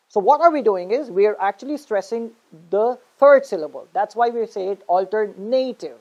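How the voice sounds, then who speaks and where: A woman's voice: medium pitch, a little mellow, muffled recording. A woman teaching an online English pronunciation lesson. She explains patiently and often checks in with "okay?".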